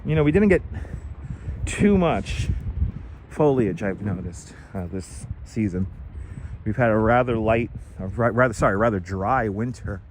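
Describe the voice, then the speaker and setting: Speaking unhurriedly in a low-ish voice with lively intonation, a middle-aged man pauses often as he pedals through a city park on a live stream. He reads out and thanks viewers casually, wearing a wireless lapel mic. There's slight background noise.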